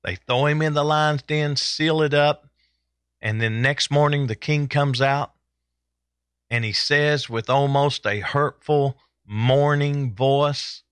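A man preaching a sermon in a deliberate way, repeating phrases for emphasis. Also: fairly high pitch, steady tone, fairly bright tone, smooth, no echo.

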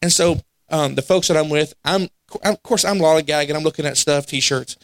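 Animated preacher with a higher voice. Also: male voice, normal speed, dry recording. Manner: animated, acts out quoted voices, laughs at himself. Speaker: pastor. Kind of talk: storytelling sermon. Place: church sanctuary.

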